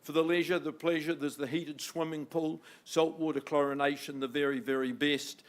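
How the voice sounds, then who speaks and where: A man opening a property auction with a theatrical, flowery sales pitch. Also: level tone, normal speed. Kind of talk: auction patter. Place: auction room.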